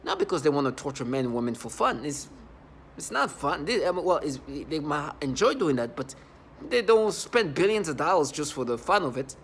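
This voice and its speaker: A man's voice: a little high, big pitch swings. Guy in his 30s telling his story, stumbling over words, bit of noise behind. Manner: halting, repeats and restarts words. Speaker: vlogger. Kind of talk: personal testimonial.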